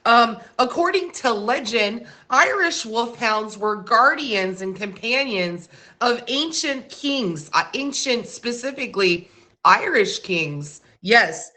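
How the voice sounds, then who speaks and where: A woman running a casual trivia quiz on a live stream, posing questions and reading out facts in a chatty way. Her voice is bright and clear and sits a little high, and she takes her time with an unhurried delivery. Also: lively intonation. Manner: chatty, asks quiz questions and reads facts with small slips.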